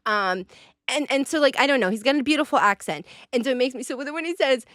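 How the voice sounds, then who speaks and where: A woman's voice: high voice, quick pace, no room sound. Chatty woman host, dry close sound. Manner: chatty and animated, rambling with playful asides. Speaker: podcast host. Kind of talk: casual chat.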